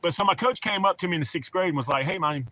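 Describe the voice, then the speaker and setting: A man's voice: high voice, animated, rapid-fire, pushed and bright. A middle-aged man with a Southern American accent, chatting casually and telling rambling, profane stories on a stream. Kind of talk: casual chat.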